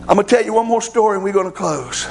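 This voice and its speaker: A middle-aged man delivers a sermon through folksy, animated stories. His voice sits high and carries a rough, gravelly edge, with a faint hiss of noise behind it. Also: quick pace. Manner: folksy, animated storytelling with laughs. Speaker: preacher. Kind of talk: storytelling sermon.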